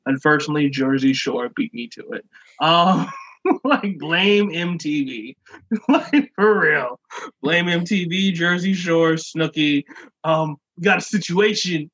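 A man co-hosting a podcast, telling a profane, animated joking rant in casual chat. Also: fairly high pitch, a little slow. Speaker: podcast co-host. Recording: dull lo-fi sound.

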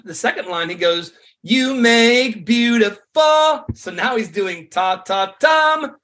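A man, a songwriter and worship leader, explaining songwriting craft in an energetic, conversational way. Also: fairly high pitch. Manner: energetic, conversational teaching with frequent fillers.

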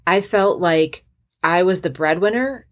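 A woman's voice: fairly low pitch, unhurried. A middle-aged woman hosting a podcast, speaking earnestly and with emotion in a motivational monologue. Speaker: podcast host, physician assistant.

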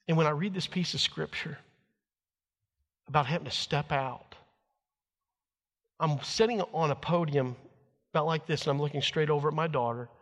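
Folksy man preaching in a reverberant hall. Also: mid-range voice. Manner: folksy storytelling, acts out quotes. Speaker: pastor. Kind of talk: sermon with personal stories.

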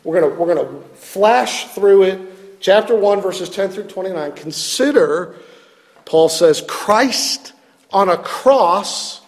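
Pastor in the pulpit: higher-pitched man, earnest and self-deprecating, long hall reverb. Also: expressive, unhurried, darkish tone. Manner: earnest, self-deprecating, repeats words when stressing points. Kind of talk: sermon.

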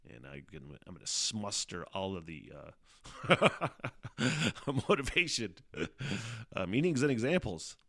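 A man's voice: lowish voice, big pitch swings, unhurried, a bit bright. A middle-aged man hosting a podcast, rambling casually, swearing a lot and laughing often. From Northern Michigan. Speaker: podcast host. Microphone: studio microphone.

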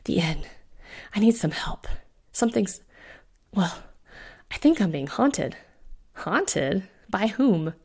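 A man's voice: high-pitched, sing-song, takes it slowly, gravelly, pauses often, darkish tone, full character voice. A woman reading the part of a fussy male innkeeper who thinks he is haunted, snapping and pleading. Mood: panicked.

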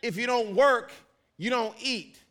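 Lively pastor guy preaching, bright sound, acts out bits in funny voices. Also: extremely high pitch, unhurried. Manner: animated, acts out little scenes in put-on voices. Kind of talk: sermon.

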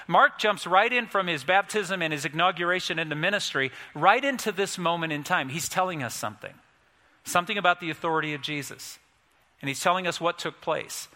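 A man's voice: high-pitched, bright, forceful tone. A man preaching a sermon as a pastor, with folksy, conversational storytelling. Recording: long reverb in a large hall.

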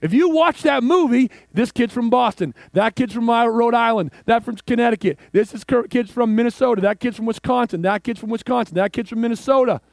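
A man preaching a sermon, telling a story and swinging from hushed, slow lines to excited outbursts. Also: very high voice, gravelly, no room sound. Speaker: pastor.

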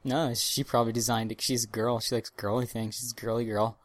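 A man co-hosting a casual podcast chat, profane and excitable, bursting into mock-dramatic rants. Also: medium pitch, brisk, no room sound. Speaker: podcast co-host.

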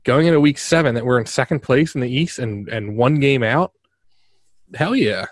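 A man co-hosts a comedy podcast in casual banter. He sounds easygoing and offhand, with a voice of middling pitch. The recording is dry and close. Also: expressive, normal speed, dry recording. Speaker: co-host.

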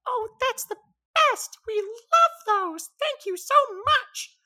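A woman doing a tiny squeaky bird. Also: slow pace, full character voice. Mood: excited. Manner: excited, polite. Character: tiny eager bird companion.

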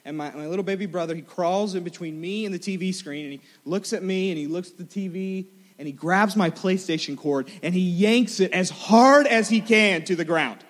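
Young male preacher, animated and self-mocking storyteller, fairly high voice, echoing hall. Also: fairly quick, hardly any pauses. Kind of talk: storytelling sermon. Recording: large hall with long reverb.

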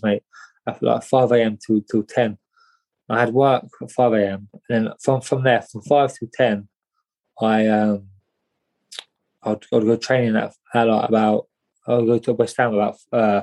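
A man's voice: mid-range voice, warm tone, poor audio. A young man, telling a story as an interview guest in a rambling, slangy way, often repeating his words. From England. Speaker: guest, boxer.

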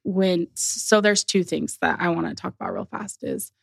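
A woman's voice: lowish voice, wildly swooping pitch, moderate pace, vocal fry, no room sound, studio quality. Chatty young woman telling a story. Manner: chatty, laughs often, many "like" fillers. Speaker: podcast guest. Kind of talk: casual storytelling.

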